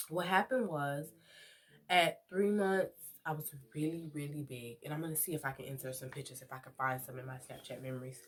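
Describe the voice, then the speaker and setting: A young woman telling a personal story in a casual vlog, chatty and talking straight to her viewers. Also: low voice. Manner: chatty, addresses viewers directly. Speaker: vlogger.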